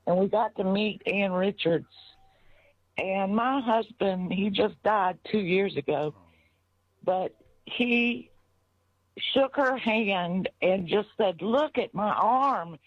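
An older woman calling into a radio show, telling a story warmly with soft laughs. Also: mid-range voice, slow, long pauses, dry recording. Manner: warm, storytelling, laughing softly. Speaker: caller. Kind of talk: phone-in chat. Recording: muffled phone line.

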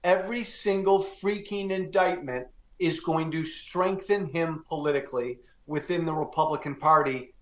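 A man's voice: a little high, normal speed, hardly any pauses, reverberant. A male political guest from Illinois giving blunt, emphatic commentary. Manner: blunt, emphatic, repeated uhs.

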